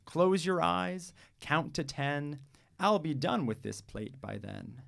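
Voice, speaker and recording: A brisk, bossy storybook mother, put on by a man reading aloud. The voice rises higher and louder than his usual talk and keeps a coaxing tone. There is a gravelly grain underneath. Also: lively intonation, full character voice. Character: a bossy mother braiding her girl's hair.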